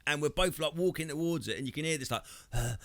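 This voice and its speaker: A man, co-hosting a podcast, telling a crude story in a lively, swearing, animated way and acting out other people's lines. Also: on the high side, fast. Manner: animated, swearing, acts out quoted voices. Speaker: podcast co-host. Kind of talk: casual comedic storytelling.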